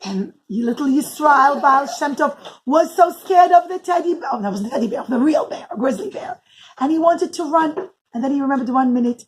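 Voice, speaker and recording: A woman, a preschool teacher, telling a story to young children in an animated, sing-song way and talking to them directly. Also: high voice, fairly quick, slight background noise, rough recording.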